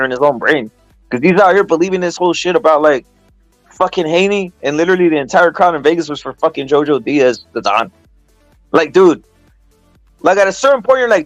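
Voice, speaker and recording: A man's voice: sits high, expressive, a little fast, dry recording, faint music behind, low-quality recording. A man in casual boxing chat, profane, rambling and emphatic.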